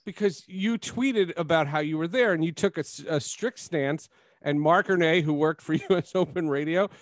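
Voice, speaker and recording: Casting: male podcast host, slightly high voice, lively storyteller, dry close mic. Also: normal speed, dry recording. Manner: animated storyteller, laughs often. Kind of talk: casual sports podcast chat.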